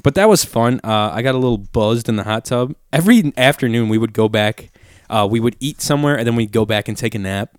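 A young man tells a long, rambling, profane story, using "like" heavily and acting out quotes in casual storytelling chat. His medium-pitched voice is brisk, smooth, and lively, with no room sound.

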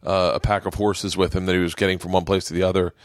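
A middle-aged man hosts a casual podcast from a home studio, his voice sitting on the low side. He rambles through stories and swears freely. The sound is dry and close. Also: level tone, quick pace, no echo. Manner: rambling, profane storytelling. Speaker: podcast host. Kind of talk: casual chat.

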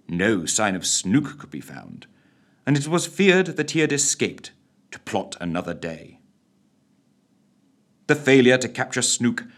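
A man, narrating a bedtime story in an expressive, theatrical way. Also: on the low side.

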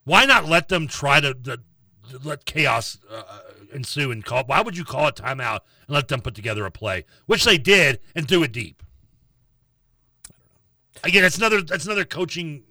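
Bright, sarcastic male radio co-host. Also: on the high side, animated, normal speed, dry recording, recorded from a distance. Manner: sarcastic, exasperated complaining. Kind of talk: casual sports talk.

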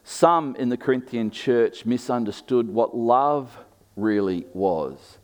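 Man preaching an expressive sermon. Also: mid-range voice, slow. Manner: expressive, shifts between emphatic and quiet.

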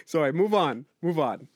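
A man co-hosting a comedy podcast, baiting the others in a sarcastic, mock-earnest tone. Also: a little high. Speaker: podcast co-host. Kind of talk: satirical comedy banter.

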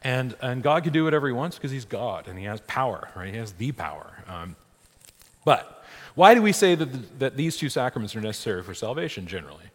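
A man's voice: medium pitch, expressive, quick pace, hardly any pauses. A man, a priest, teaching a church catechesis class in a conversational way, often checking in with "right?". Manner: conversational, frequent "right?" checks, laughs, restarts. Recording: long hall reverb.

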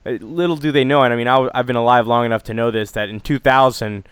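A young man with a smooth, clear voice chats loosely about politics, trailing into restarts and sarcastic asides. He laughs often, and the sound is dry and close, with no room around it. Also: medium pitch, fairly even intonation, quick pace, a bit bright, dry recording. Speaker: podcast co-host. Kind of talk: casual political chat.

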